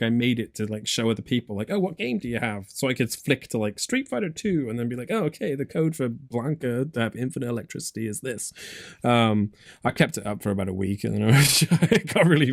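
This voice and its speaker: A man's voice: lowish voice, dry recording, studio quality. A man with an English accent, hosting a casual gaming podcast and rambling with lots of fillers and restarts. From England. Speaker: podcast host. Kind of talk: casual chat.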